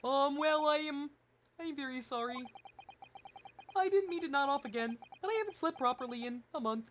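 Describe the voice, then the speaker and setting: A woman's voice: high voice, expressive, normal speed, a little hiss or hum, pitched above the performer's own voice. A woman doing a timid, sleepy young constable. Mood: apologetic. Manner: timid, stammering, apologetic. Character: sleepy, apologetic young male police constable.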